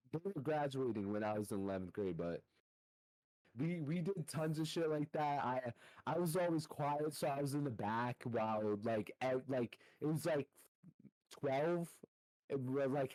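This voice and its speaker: A young man on a casual podcast, telling a story in a halting way full of fillers and swearing. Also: medium pitch, a little mellow, no room sound, low-quality recording. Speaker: podcast co-host.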